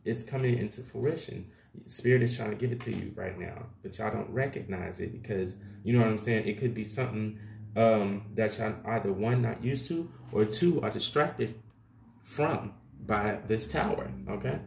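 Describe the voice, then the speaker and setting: A man's voice: fairly low pitch, moderate pace, vocal fry, darkish tone, slight background noise. A man doing a casual tarot reading to camera, talking loosely and chattily with plenty of slang, calling his viewers y'all. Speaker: tarot reader. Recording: echoey room.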